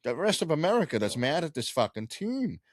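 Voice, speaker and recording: A man co-hosting a sports podcast, telling travel stories in an animated, profane way and laughing often. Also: fairly high pitch, brisk, dry recording. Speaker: podcast co-host. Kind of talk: casual sports chat.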